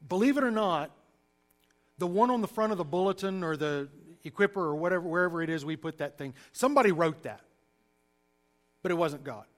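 Animated Southern preacher, higher voice. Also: male voice, brisk. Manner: animated, emphatic, folksy asides. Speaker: preacher teaching a class. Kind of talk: sermon-style Bible teaching.

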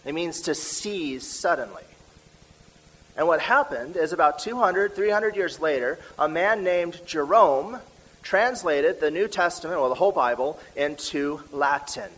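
A man with a Midwestern American accent preaching a teaching sermon, slowing down to stress key words. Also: fairly high pitch, animated, fairly bright tone, low-quality recording.

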